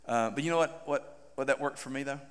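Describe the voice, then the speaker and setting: A middle-aged man preaching a sermon to a congregation, animated and asking them direct questions. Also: medium pitch, a little fast. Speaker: pastor. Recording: long hall reverb.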